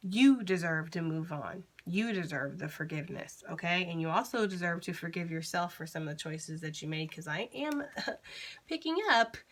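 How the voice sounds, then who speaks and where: A woman's voice: on the low side, lively intonation, normal speed. A woman giving a casual tarot reading, chatty and reassuring, blunt and freely profane. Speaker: tarot reader.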